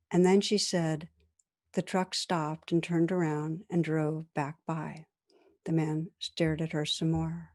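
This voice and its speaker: A woman meditation teacher giving a dharma talk, telling a story in a calm, measured, gentle way. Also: low voice.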